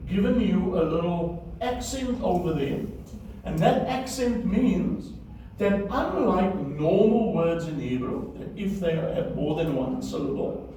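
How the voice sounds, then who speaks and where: A man with a high, warm voice lectures a class on Biblical Hebrew, going over key words again and making sure his students keep up. He sounds distant in a very echoey room, and faint room noise can be heard.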